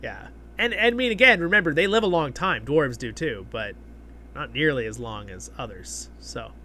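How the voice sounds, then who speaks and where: A man's voice: medium pitch, lively intonation, moderate pace, pushed and bright, slight background noise. A man hosting a live stream, chatting casually and reading viewer comments aloud, rambling with fillers and restarts. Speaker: livestream host.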